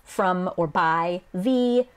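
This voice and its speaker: A chatty woman with a slightly low voice talks through translation choices in a relaxed video lesson. She laughs often and slips into playful voices for quoted lines. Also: drawn-out words, smooth. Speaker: Japanese game translator. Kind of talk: casual explanatory video lesson.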